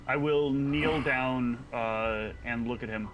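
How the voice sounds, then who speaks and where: A man playing his character in a tabletop game, speaking briskly and with authority. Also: mid-range voice, a bit bright, a little hiss or hum, poor audio. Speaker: player.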